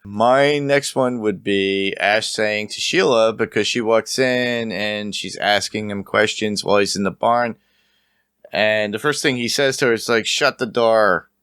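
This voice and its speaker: A man hosting a laid-back podcast chat, his voice bright and forceful, close to a dry mic. He laughs easily and keeps the talk moving, with a middle pitch. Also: unhurried, clean tone, no echo. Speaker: podcast host.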